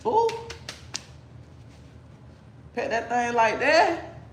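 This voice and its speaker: A man with a very high voice runs a casual cooking livestream from his kitchen. He jokes, teases, and hypes up his viewers in a loose, chatty way. The sound bounces around an echoey room with a faint hiss underneath. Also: expressive, unhurried, long pauses. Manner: playful, hyped, teasing chat.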